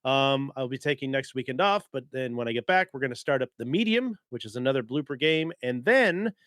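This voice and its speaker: A man's voice: mid-range voice, expressive, fairly quick, fairly bright tone, no room sound, studio quality. A man hosting a casual gaming podcast, upbeat and loose, laughing often as he talks. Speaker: podcast host.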